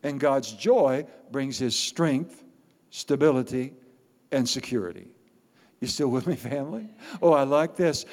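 A man preaching a sermon as pastor, animated and playful, repeating words for emphasis. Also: medium pitch, normal speed. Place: church sanctuary. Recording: long reverb of a large hall.

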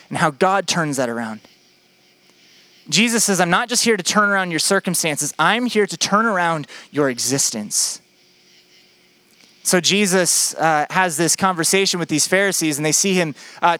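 A young male pastor delivers a sermon in a light, high-pitched voice, moving between scripture and casual personal anecdotes. He leans on repetition to drive each point home. The sound is dry and close, with no room echo. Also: pushed and bright. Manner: conversational storytelling with emphatic repetition.

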